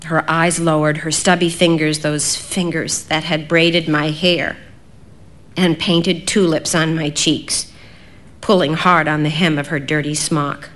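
A young adult woman narrating an audiobook in a measured, reflective way. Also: deep voice, level tone, a bit bright. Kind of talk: audiobook reading.

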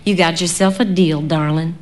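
A woman voicing a controlled middle-aged mother who speaks emphatically and briskly. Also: lowish voice, steady tone, close to an everyday voice. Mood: firm.

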